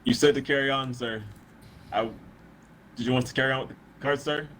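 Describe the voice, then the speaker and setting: A man at a tabletop game session rambles through his plans with frequent swearing, in a middle-pitched voice. Clear background noise runs under the table recording. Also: fairly even intonation, fairly quick, a bit bright. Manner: rambling, swears and laughs often. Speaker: player. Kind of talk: casual tabletop game chat. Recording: noisy home recording.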